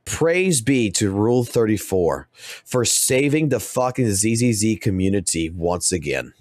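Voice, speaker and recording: A young man streaming, ranting crudely with constant cursing and animated outbursts. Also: on the low side, measured pace, no room sound, clean studio sound. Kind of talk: profane ranting commentary.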